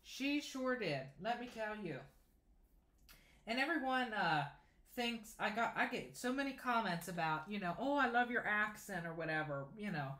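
A man's voice: high-pitched, expressive, normal speed, sharp tone, echoey room. A young man in his late teens hosting a casual sewing livestream, chatting and reading viewer comments aloud as he answers them. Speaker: sewing channel host. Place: home sewing room.

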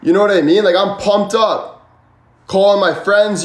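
A man's voice: high voice, fairly even intonation, normal speed, roomy sound. A young man hosting a casual livestream, talking passionately and swearing a lot as he rambles and answers chat. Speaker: livestream host. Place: room indoors. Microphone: phone or camera at a distance.

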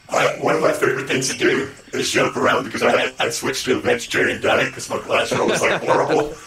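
A man's voice: medium pitch, brisk, creaky, very noisy. A man chatting and joking on a game stream while his voice runs through a robot voice changer. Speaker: streamer playing an online shooter. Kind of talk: casual gaming chat.

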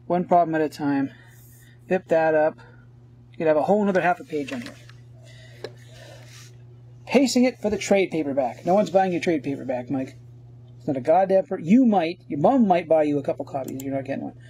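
Husky sarcastic Canadian man ranting. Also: a little high, darkish tone. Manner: sarcastic, rambling. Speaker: podcast host. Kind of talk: comic book review rant.

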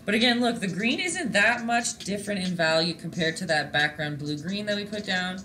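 Chatty encouraging art teacher on a live stream, mid pitch, a bit echoey with soft music under it. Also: expressive, normal speed, a little hiss or hum. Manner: chatty, encouraging, talks to viewers in chat. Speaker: painting teacher and stream host. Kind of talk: live-streamed painting lesson.

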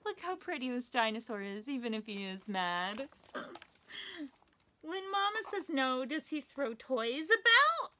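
A woman with a high, bright voice reads a children's picture book aloud, her pitch swooping up and down with every line. She takes her time and talks straight to the little listener in a playful, animated way. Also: a little slow.

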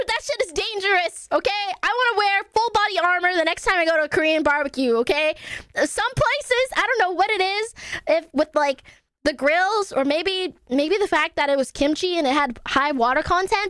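A young woman streamer telling stories to her chat in an animated, swearing, laughing way. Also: very high voice, no room sound, studio quality. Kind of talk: casual stream chat to viewers.

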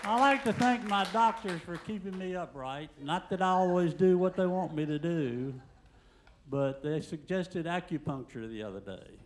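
An older man doing a stand-up comedy set in a comedy club, telling deadpan jokes and acting out the quotes. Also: sits high, normal speed, some chatter behind, slight background noise.

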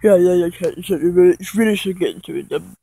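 A young woman putting on a low, gravelly voice for a teasing sidekick who eggs her on. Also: rapid-fire, dark tone, low-quality recording.

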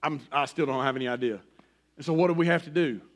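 A middle-aged pastor, voice fairly high and pace quick, preaches a sermon laced with folksy personal remarks. At times he presses loudly on his points; at others he drops to a hushed near-whisper.

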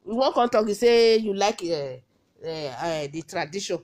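A woman's voice: mid-range voice, expressive, normal speed, a little mellow. A woman with a Nigerian Benin accent recording a scolding audio message, firing off repeated rhetorical questions. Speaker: social media commentator.

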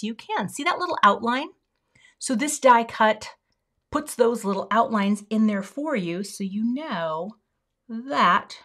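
A woman's voice: a little high, a bit bright. A middle-aged woman chatting casually while demonstrating a craft project live, greeting viewers as she works. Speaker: craft livestream host.

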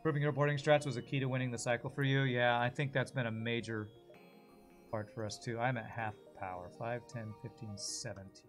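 A man in a casual live-stream commentary, talking through his moves and chatting with viewers in a middle-pitched voice. His tone is relaxed and conversational. Faint game music plays behind him. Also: a little fast. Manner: chatty, thinks aloud and answers viewer messages.

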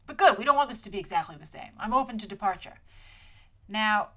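A woman hosting a trailer review show, talking in a chatty, animated way with lots of asides and playful mock voices. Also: mid-range voice, fast talker. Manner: chatty and animated, full of asides and filler words; playful, slips into mock voices when quoting. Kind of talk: casual trailer review commentary.

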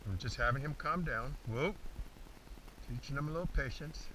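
Guy training a bird dog out in a field, real bright voice, mic kinda far off. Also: mid-range voice, fast talker. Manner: talks to camera while commanding a dog. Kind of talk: outdoor training demonstration. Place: outdoors in a field. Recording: distant outdoor recording, faint background noise.

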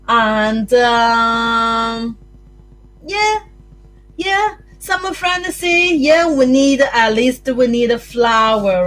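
A woman with a New Zealand accent runs a circle-time lesson for little children, her voice pitched high. She speaks slowly and in a sing-song, animated way. Faint music sits behind her. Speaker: early childhood teacher.

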